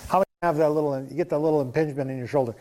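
A man's voice: a little high, steady tone, very fast, warm tone. A man preaching a sermon as pastor, in a conversational way, often chuckling and restarting his sentences.

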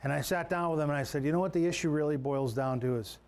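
High-voiced male pastor preaching conversationally. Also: fast talker, darkish tone. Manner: conversational preaching with repeated words and restarts. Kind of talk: sermon.

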